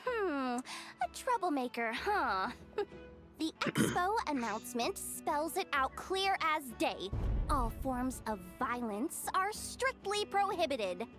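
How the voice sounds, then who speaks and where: A woman's voice: sing-song, slow, fairly bright tone, exaggerated voice. An actress voicing a playful young woman in a video game who enjoys acting tough, with a bouncy, teasing delivery. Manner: bouncy and teasing, wide swings in pitch. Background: game music.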